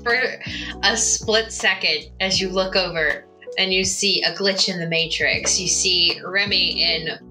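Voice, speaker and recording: A woman's voice: lowish voice, unhurried, soft background music, low-quality recording. A woman player in a tabletop game who describes her character playfully. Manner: playful, animated.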